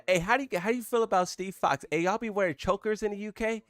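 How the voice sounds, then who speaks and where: A man with a somewhat high voice hosts a live stream in a casual, rambling way. He talks straight to his chat and his pitch leaps when something surprises him. The sound is close and dry, with no room echo. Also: fast.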